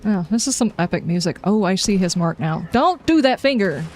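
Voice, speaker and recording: Brisk and animated, a woman with a mid-range, darkish voice livestreams her gameplay over faint music. Her talk is casual and wry as she reacts aloud and answers viewers in chat.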